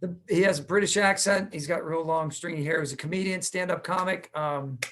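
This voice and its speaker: Man, high pitch, chatty host, animated, filler words, video call. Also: fairly quick. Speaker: podcast host. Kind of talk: casual interview over video call.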